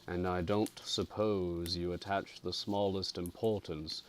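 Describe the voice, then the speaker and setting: A man voicing a dying old nobleman, spiteful and sinister, in a slow, menacing murmur. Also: sits low, little pitch movement, slight background noise.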